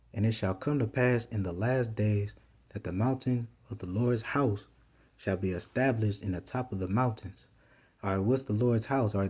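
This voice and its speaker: A man preaches from scripture in a low, mellow, slightly husky voice. He reads verses aloud and breaks up his teaching with a steady "all right" between phrases.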